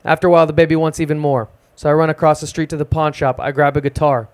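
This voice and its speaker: A young man doing a self-deprecating, deadpan stand-up set at an open mic in a small music club. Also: fairly high pitch, quick pace, smooth. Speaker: stand-up comedian.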